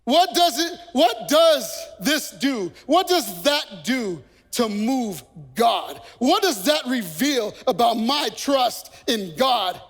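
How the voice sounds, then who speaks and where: A man preaching a sermon as pastor, impassioned and rising to shouted peaks. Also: very high-pitched, big pitch swings, takes it slowly, few pauses. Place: church sanctuary. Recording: long reverb of a church hall, faint music.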